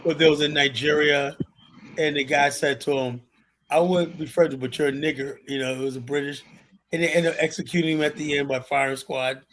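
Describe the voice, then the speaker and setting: A man's voice: fairly high pitch, steady tone, fairly quick, fairly bright tone, rough recording. A man in a casual group conversation, recounting a film he half remembers and trailing off as he restarts. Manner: rambling recollection, trails off and restarts.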